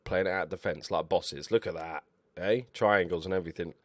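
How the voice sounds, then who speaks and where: A man commentating over his own football management game, excitable and swearing at his players. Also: deep voice, a little fast, dry recording. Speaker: gaming YouTuber. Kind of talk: Let's Play commentary.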